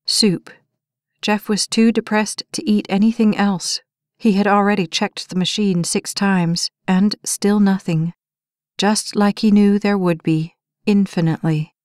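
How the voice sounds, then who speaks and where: A woman with a medium-pitched voice narrates an audiobook, telling the story in an even, measured way. The audio is clean studio sound with no echo.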